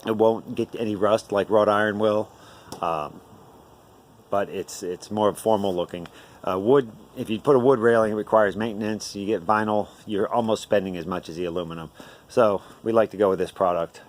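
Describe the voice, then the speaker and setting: A man with a fairly low voice walks through a newly built house he constructed. He talks casually and explains as he goes, often pausing on filler words. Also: slight background noise. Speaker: home builder. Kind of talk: walkthrough tour narration. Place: at a newly built house, outside then indoors.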